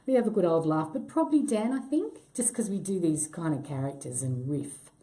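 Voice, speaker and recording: A middle-aged actress in a casual interview, self-deprecating, laughing easily and swearing when she gets excited. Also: fairly low pitch, fairly quick. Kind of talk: casual chat.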